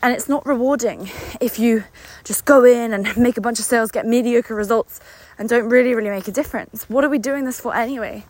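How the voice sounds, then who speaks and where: A woman's voice: a little high, fairly quick, hardly any pauses, no room sound. Breathless, enthusiastic business coach woman. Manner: enthusiastic, speaks from the heart, repeats words for emphasis. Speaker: business coach and company founder. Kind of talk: unscripted motivational talk.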